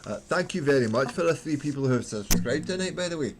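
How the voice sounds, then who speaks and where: A man's voice: on the high side, lively intonation, moderate pace, pauses often, background noise. A man from Manchester chatting casually with his livestream viewers while painting miniatures, joking, swearing freely and laughing at himself. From Manchester, England.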